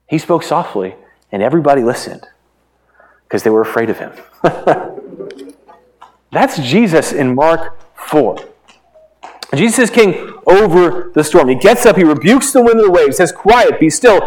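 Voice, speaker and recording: A male pastor preaching with a lively, swinging voice that rises high when he asks questions and drops low and quiet as he retells the story. He talks to the congregation directly and keeps the tone conversational. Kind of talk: sermon.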